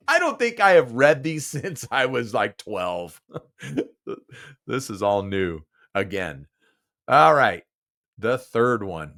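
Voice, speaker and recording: Speaking slowly but very animatedly, a podcast host in his sixties chats by himself, full of chuckles and restarted lines. His medium-pitched voice has a slightly bright quality.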